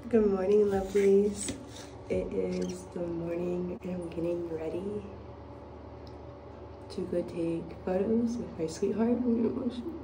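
A woman's voice: fairly low pitch, fairly even intonation, slow, background noise. A young woman talking casually to the camera as a travel vlogger, gushing and chatty with lots of "like". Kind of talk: casual vlog chat to camera. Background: music.

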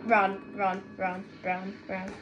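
A young woman giving excitable gaming commentary, often yelling at other players. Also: mid-range voice, slow, dull audio. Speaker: gaming video creator. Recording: gameplay with music behind.

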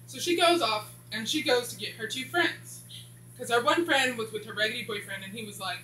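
A woman's voice: on the high side, fairly quick, sharp tone, soft background music. A woman casually recapping a TV episode, rambling and skipping dialogue with "blah, blah.". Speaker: TV show reviewer. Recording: echoey room with faint hum.

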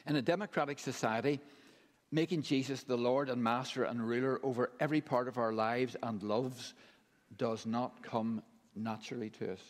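A man preaching a sermon in a measured, emphatic way, with deliberate pauses between phrases. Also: medium pitch, steady tone. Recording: long hall reverb.

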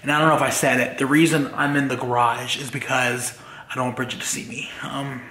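A man recording a confessional vlog in his garage, talking in a halting, upset way with many pauses. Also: mid-range voice, flat delivery, bright, forceful tone, roomy sound. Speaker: vlogger.

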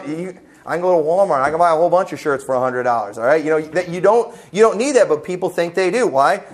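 A man preaching a sermon as pastor, emphatic and folksy, full of rhetorical questions, in a church. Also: a little high. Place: church sanctuary.

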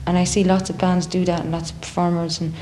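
A young Irish woman in a casual interview, a singer talking in a chatty, animated way and acting out other people's voices. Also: fairly low pitch, fast, a little hiss or hum. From Ireland. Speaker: singer in a band.

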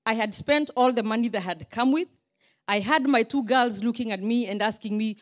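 A woman's voice: fairly high pitch, normal speed. A Kenyan woman in her forties giving an informal, self-deprecating speech to a crowd as a politician, with Swahili asides. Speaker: politician addressing a diaspora meeting.

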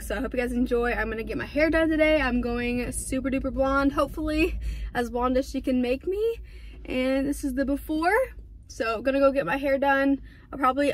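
A young woman vlogging casually, talking fast and filling with "like" and "um", filmed on a phone in her car and later on a tripod at home. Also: on the high side. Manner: fast, chatty, lots of "like" and "um". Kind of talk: casual vlog chat. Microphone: phone camera, then on a tripod.

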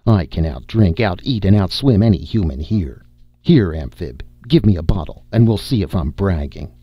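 A huge, limping giant who brags and scoffs at the top of his lungs, his voice booming and low, as a man reads him. The tone is husky and the sound is dry and a little dull, like a home-recorded audiobook. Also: lively intonation, moderate pace, no echo. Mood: bellowing. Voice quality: booming roar. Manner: bellowing, scoffing. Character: huge limping male giant, boastful and mocking.

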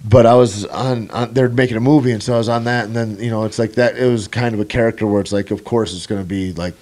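A man's voice: fairly low pitch, fairly even intonation, quick pace, darkish tone. A man in his twenties hosting a podcast, chatting casually in a laid-back, slangy way with plenty of swearing. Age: 20s. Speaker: podcast host. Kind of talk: casual chat.

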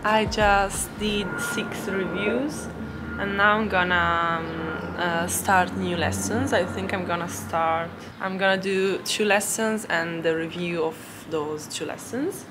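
A young woman, a language-learning vlogger who isn't a native English speaker, chats casually on her vlog, giggling often and filling pauses with ums and restarts. Her lowish voice stays steady, and music plays beneath her.

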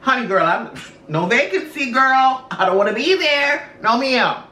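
A woman's voice: sits high, lively intonation, measured pace, sharp tone, far from the mic. A woman co-hosting a mukbang chat, talking in a sassy, drawling, teasing way. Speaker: co-host. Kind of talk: mukbang chat and quiz game. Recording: echoey room, off mic.

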